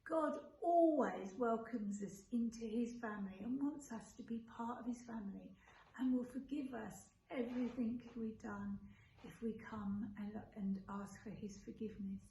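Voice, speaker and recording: Gentle woman explaining a Bible lesson. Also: fairly high pitch, normal speed. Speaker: children's church leader. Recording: echoey room with faint background noise.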